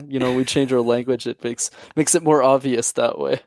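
A man from Montreal with a light Quebec accent, a guest on an interview who talks in a friendly, quick way. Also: medium pitch, fairly even intonation, vocal fry, a little mellow, dry recording. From Canada, Montreal. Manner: friendly, quick, with laughs and restarts. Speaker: guest, YouTube channel host. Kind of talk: casual interview chat.

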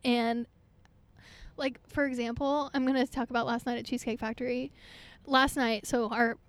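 A woman's voice: on the high side, flat delivery, moderate pace. A young woman from Oklahoma, a singer-songwriter guest, telling stories in a casual podcast chat, chatty with lots of fillers. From Oklahoma, USA. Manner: chatty, laughs often, many fillers.

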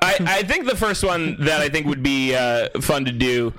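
Male host, bright and lively, laughs and stumbles through his lines. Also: fairly high pitch, moderate pace. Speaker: podcast host. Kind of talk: casual group chat.

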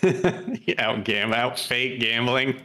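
A man's voice: medium pitch, expressive, takes it slowly, pushed and bright. A man co-hosting a comedy podcast, chatting casually with wry, teasing remarks. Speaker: podcast co-host.

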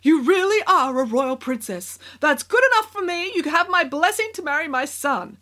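A woman's voice: sits high, expressive, moderate pace, sharp tone, voice pushed up. A meddling queen mother, played by a woman. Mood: scheming.

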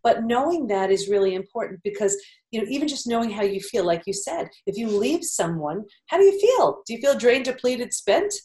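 A woman's voice: a little high, sing-song, fairly quick, mellow, roomy sound. A woman guest in a casual conversation, speaking thoughtfully and searching for words.

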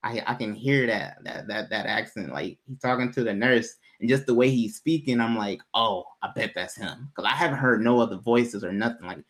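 A man telling a personal story in casual podcast chat, animated, laughing often and jumping high when quoting himself. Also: normal speed, few pauses.

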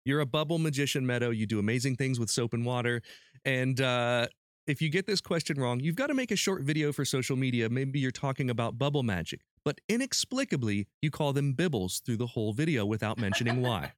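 A man's voice: medium pitch, animated, no echo, studio quality. A man hosting a podcast, playfully reading out quiz questions and prizes to his guests. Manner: playful quizmaster, reads questions slowly. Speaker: podcast host running a quiz. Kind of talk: casual podcast chat.

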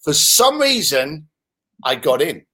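A man in his fifties from London, with a London English accent, telling lively stories as an interview guest. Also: fairly high pitch, takes it slowly. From London, England. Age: 50s. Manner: animated, swearing, laughs while telling stories. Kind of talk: casual storytelling in conversation.

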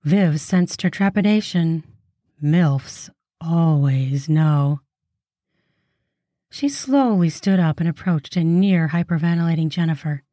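A woman reading an erotic novella aloud as a podcast narrator, with a slow, soft, unhurried delivery. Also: low voice, no echo, clean studio sound.

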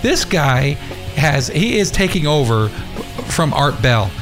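A podcast host on an internet radio show, this man launches into an angry, profane rant, yelling and swearing as his pitch climbs with rage, then eases into casual chat about upcoming shows. His delivery is slow with big pitch swings, and music plays in the background.

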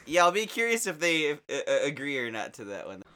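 Man, podcast chat, lively swinging pitch, curious questions, self-mocking. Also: clear, resonant tone. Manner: curious, quick reactions, laughs at himself.

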